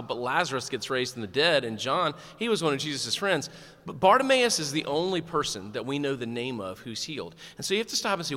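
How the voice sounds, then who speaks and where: Male pastor, animated conversational sermon, bright tone, echoing sanctuary. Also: medium pitch. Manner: animated, conversational preaching with humor.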